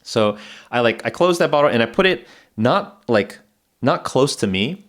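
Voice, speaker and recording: A man's voice: mid-range voice, animated, moderate pace. A man hosting a podcast, telling a casual story in a rambling way, full of fillers and restarts, and laughing now and then. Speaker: podcast host.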